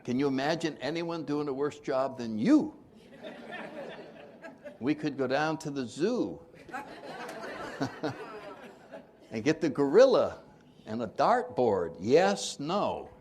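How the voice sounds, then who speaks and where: A man's voice: mid-range voice, very animated, takes it slowly, long pauses, a little mellow, some chatter behind. An older man giving an informal recovery workshop talk, joking and asking the audience questions.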